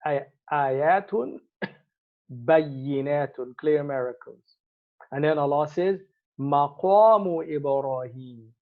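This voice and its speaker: A man's voice: a little high, moderate pace. A man teaching Arabic grammar from Quranic verses, patiently explaining and repeating words for emphasis. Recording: tinny phone-like sound.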